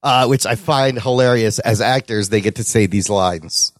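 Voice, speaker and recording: A man co-hosting a podcast, chatting casually and excitedly and laughing as he retells scenes. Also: fairly low pitch, normal speed, no room sound, clean studio sound. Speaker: podcast co-host. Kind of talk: casual chat.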